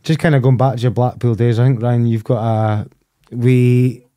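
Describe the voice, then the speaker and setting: A man's voice: medium pitch, steady tone, normal speed, dark tone, dry recording, studio quality. A man hosting a podcast interview, asking hesitant questions and giving short encouraging replies. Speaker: podcast host. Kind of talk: casual interview.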